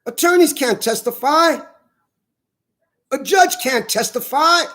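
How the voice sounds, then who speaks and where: A man delivering a heated, profane monologue, repeating his points with slow, hammering emphasis. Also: extremely high pitch, animated, bright, forceful tone. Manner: angry, profane, emphatic repetition.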